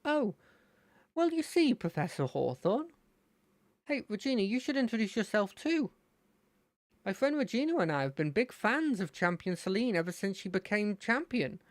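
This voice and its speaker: A streamer voicing an eager, excitable young male rival trainer from a fangame, speaking high and bubbly. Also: moderate pace, dry recording, lightly acted. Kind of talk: reading game dialogue aloud.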